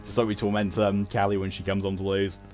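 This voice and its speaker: A man's voice: on the low side, level tone, quick pace, music in the background. A man streaming a video game, chatting casually with his viewers, joking, swearing freely and laughing often. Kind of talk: casual gaming stream chat.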